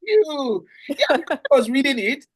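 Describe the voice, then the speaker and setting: A woman hosting a book club discussion, speaking in an emphatic, lively way. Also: mid-range voice, a little fast. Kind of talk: casual book club conversation.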